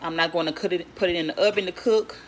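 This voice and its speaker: A woman talks through a recipe in her home kitchen, rambling and restarting her sentences in a casual vlog. Her voice sits a little low. Pans, dishes and cutlery clink clearly behind her. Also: fairly even intonation, quick pace, a little hiss or hum. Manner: chatty, rambling, stutters and restarts. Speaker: home cook vlogger. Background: clinking pots, pans and cutlery.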